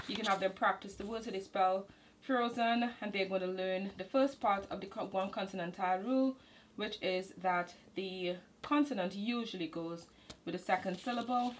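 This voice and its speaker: Woman host, mid pitch, casual explainer, faint room noise. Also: poor audio. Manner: casual, explanatory, with fillers and self-corrections. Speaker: homeschool channel host. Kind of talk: walking through a curriculum manual.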